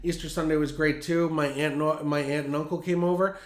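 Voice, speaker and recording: A man hosting a casual podcast who tells stories in an animated way, with plenty of profanity. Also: fairly high pitch, a little fast, reverberant. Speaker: podcast host.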